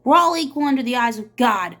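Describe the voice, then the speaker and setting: A woman reading aloud and voicing a young schoolteacher, frightened but defiant, in a high, loud, urgent voice. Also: lively intonation, fairly quick, husky. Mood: pleading.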